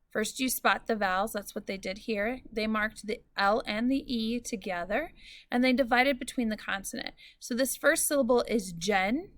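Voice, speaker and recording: A female teacher records a lesson for her students, explaining patiently and clearly and stretching out example words. Her voice is a little high and a bit bright, with no room sound.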